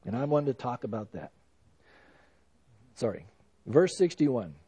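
A man's voice: mid-range voice, sing-song, measured pace, warm tone, husky. A male pastor giving a sermon in a conversational preaching style, with frequent "you know" asides.

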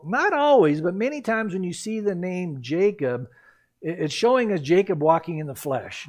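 A lively pastor delivers a Bible teaching sermon in a fairly high voice that swings widely up and down. Animated, he acts out the characters' voices and reactions and laughs at his own asides.

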